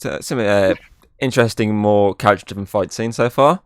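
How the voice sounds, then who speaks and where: A man's voice: fairly low pitch, fairly quick, clear, resonant tone, dry recording, studio quality. A man hosting a casual film review podcast, rambling and leaning on filler words and restarts. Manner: rambling, leans on "obviously" and restarts.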